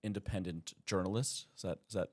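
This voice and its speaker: A man hosting a casual podcast, asking questions and teasing his guest in a relaxed way. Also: deep voice, brisk, noisy background. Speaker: podcast host.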